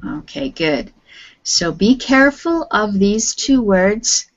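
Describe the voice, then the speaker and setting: Brief: woman English teacher, slow and careful delivery, dull lo-fi call audio. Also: medium pitch, big pitch swings. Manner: slow, patient, clearly enunciating. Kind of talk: online class teaching.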